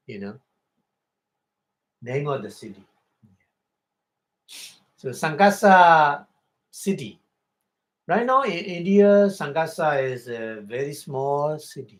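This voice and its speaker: Slow, halting Burmese-accented monk. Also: male voice, fairly high pitch. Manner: slow, halting, repeats and glosses words. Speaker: Buddhist monk teacher. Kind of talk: Dharma talk explaining Pali text.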